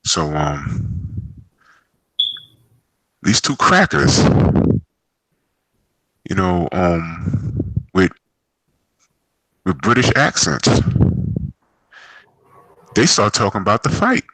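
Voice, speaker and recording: A man talking loosely and profanely as host of a casual group chat, spinning a long rambling story. His voice sits a little low but has a bright, forceful edge. The recording is dry and close, with no room sound. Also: big pitch swings, drawn-out words, pauses often, no echo, low-quality recording. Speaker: podcast host. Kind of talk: casual group chat about games and boxing.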